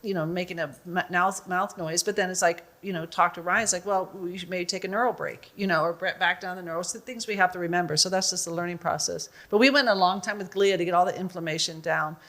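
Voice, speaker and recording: A woman doctor on a panel talks things through in a relaxed, thinking-aloud manner. Her voice is on the lower side for a woman. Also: quick pace, hardly any pauses. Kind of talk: casual panel talk.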